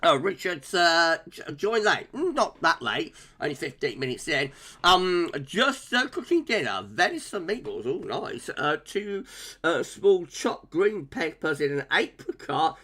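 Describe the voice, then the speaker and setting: A man's voice: fairly high pitch, big pitch swings, measured pace, pushed and bright. A man hosting a weather livestream, chatting casually with viewers, often laughing and using lots of fillers. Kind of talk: casual livestream chat reading out viewer comments.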